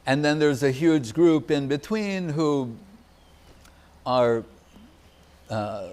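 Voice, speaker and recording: An older man giving a reminiscing devotional talk as a spiritual teacher, pausing often and searching for his words. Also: fairly high pitch, lively intonation, a little mellow. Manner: halting, searching for words, many pauses.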